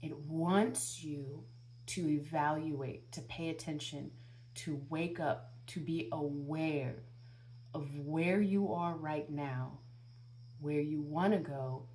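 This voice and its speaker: A woman's voice: sits low, steady tone, slow pace, mellow, a little hiss or hum. A woman tarot reader speaking earnestly to her viewers, asking one rhetorical question after another and repeating phrases as she gives spiritual guidance. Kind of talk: channeled spiritual guidance monologue.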